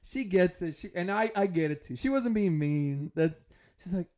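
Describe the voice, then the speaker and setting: A young man hosting a podcast, telling rambling stories in a profane, animated way. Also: high-pitched, normal speed. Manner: profane, animated storytelling, breaks into laughs. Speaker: podcast host. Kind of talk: casual monologue.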